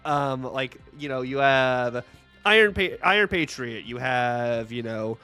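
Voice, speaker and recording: A man hosting a casual chat, talking enthusiastically and quickly with casual fillers. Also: medium pitch, animated, sharp tone, clean tone, faint music behind. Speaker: host.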